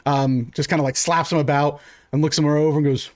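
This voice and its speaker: A man's voice: on the high side, steady tone, a little fast. A man narrating as game master in a loose, rambling way full of fillers.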